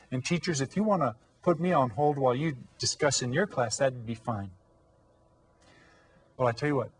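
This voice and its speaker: A man teaching an elementary school video lesson, speaking in a friendly, encouraging way to young children and stretching out words slowly for them to repeat. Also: a little high, slightly rough. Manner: slow, drawn-out modeling of words for children to repeat. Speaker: Spanish teacher.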